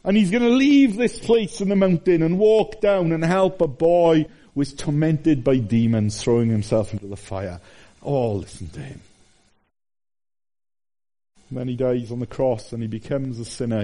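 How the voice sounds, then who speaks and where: A man's voice: mid-range voice, normal speed, dark tone. A man in his forties preaching a sermon, telling stories animatedly with fillers and restarts.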